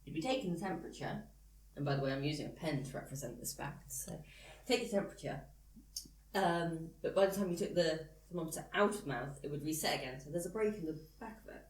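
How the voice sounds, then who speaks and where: A woman's voice: low-pitched, fast, distant mic, a little hiss or hum. A woman hosting a casual podcast, explaining things at length and laughing easily. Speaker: podcast host. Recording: roomy sound from off-mic.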